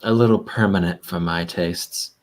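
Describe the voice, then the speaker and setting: A man plays a tabletop game, answering in character with a dry, understated manner. His voice is very deep. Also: steady tone, normal speed. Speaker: player. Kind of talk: in-character role-play.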